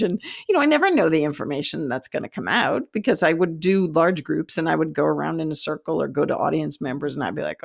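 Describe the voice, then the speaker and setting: Casting note: middle-aged woman, spiritual teacher, low gravelly voice, earnest and encouraging to camera. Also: animated, fairly quick. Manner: earnest and encouraging, with frequent laughs and self-talk quotes. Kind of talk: direct-to-camera teaching talk.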